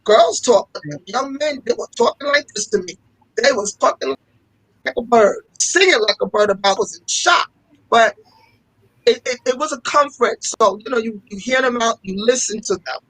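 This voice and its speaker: This fashion-school owner, a guest in a relaxed interview, tells her stories with passion and leans on repetition to drive points home. Her voice sits on the high side, animated and fairly bright with a slight roughness, at a moderate pace. The dry recording is of low quality.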